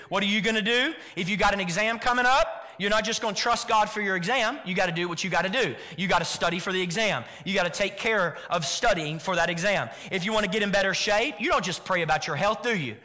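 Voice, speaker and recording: A man's voice: high-pitched, brisk, sharp tone. A man preaching a sermon as pastor, leading his congregation in call-and-response and repeating phrases. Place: church.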